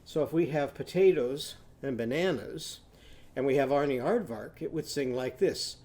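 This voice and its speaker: A man teaching young children a phonics lesson, patiently prompting them to repeat after him and sounding out words slowly. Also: medium pitch, darkish tone. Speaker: literacy teacher.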